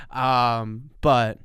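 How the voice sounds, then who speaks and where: Chill guy cohost, smooth clear voice, dry close mic, lots of yeahs. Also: mid-range voice, fairly bright tone, no echo. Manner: agreeable, often says yeah, laid-back. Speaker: podcast co-host. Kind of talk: casual chat.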